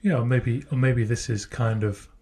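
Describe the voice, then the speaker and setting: A man's voice: medium pitch, steady tone, normal speed, darkish tone, husky. A man co-hosting a podcast, talking casually and reasoning through ideas step by step. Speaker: podcast co-host. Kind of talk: casual chat.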